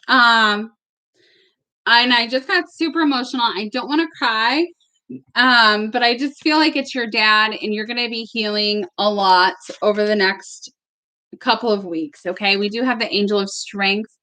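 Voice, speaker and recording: A woman's voice: fairly high pitch, moderate pace, sharp tone. A woman giving live-stream tarot readings at home, chatty and casual, sometimes emotional, with the odd swear word. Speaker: tarot reader. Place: home with barking dogs.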